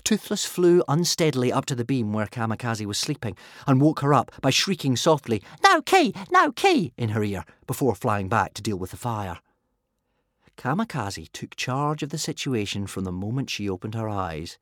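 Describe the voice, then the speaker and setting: Male audiobook narrator, animated delivery, dry studio sound. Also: mid-range voice, moderate pace, no room sound. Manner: lively storytelling, many character voices. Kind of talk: expressive scripted narration.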